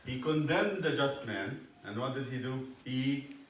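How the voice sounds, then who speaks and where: A man teaching a youth Bible class, telling a story with animated energy and asking "yes?" along the way. He is recorded from far off in a very echoey classroom. A faint noise floor sits under him. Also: medium pitch, a little slow. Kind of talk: storytelling lesson. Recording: echoey room, distant mic, faint noise.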